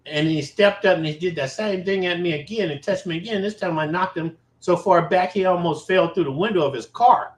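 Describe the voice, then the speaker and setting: A man tells a story from his own life in a casual, animated way, swearing freely and repeating himself for emphasis. His voice sits a little high. The room gives off a noticeable echo. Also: a little fast, few pauses. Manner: animated and profane, with emphatic repetition. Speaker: vlogger telling a personal story. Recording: roomy echo.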